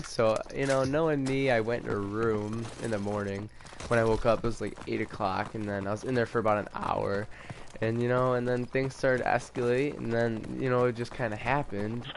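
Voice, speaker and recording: A young man rambling through a casual story while commenting on gameplay, halting and restarting, with sudden shouts at the game. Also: mid-range voice, background noise. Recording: loud game gunfire under the voice. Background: game gunfire and explosions.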